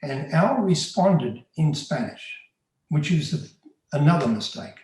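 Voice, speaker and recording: A man with a slightly high, sing-song, somewhat mellow voice speaks slowly as he recounts his undercover work in the first person. His delivery is earnest, plain-spoken and conversational, recorded in a very echoey room.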